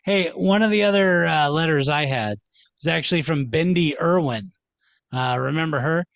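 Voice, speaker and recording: A man co-hosting a casual podcast chat, animated and joking, swearing freely. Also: on the high side, vocal fry, no echo. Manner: animated, swearing, quick to joke. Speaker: podcast co-host.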